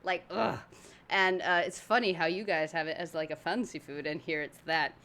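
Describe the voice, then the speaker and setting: A woman's voice: low voice, fairly quick, a bit bright. A woman from Argentina giving chatty, laughing reaction commentary as a video host. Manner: chatty, laughing, thinking aloud.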